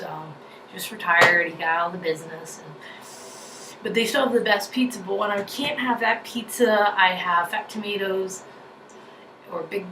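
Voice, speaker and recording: Young woman vlogger, New York accent, chatty and bubbly, recorded in an echoey room with noise. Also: on the low side. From New Jersey. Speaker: YouTuber. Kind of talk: casual vlog chat. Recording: echoey room, mic at a distance, noisy.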